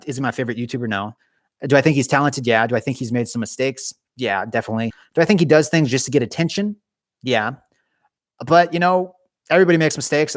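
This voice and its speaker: His voice is mid-range, captured in studio quality without room sound. A young YouTube gaming channel host, he runs a casual live stream, chatting animatedly with viewers and frequently starting his sentences over.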